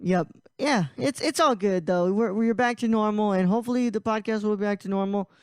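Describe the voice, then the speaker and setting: A man's voice: sits high, a little fast, a little mellow, clear, resonant tone, dry recording. A man hosting a casual podcast, rambling with frequent laughs and restarts. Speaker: podcast host.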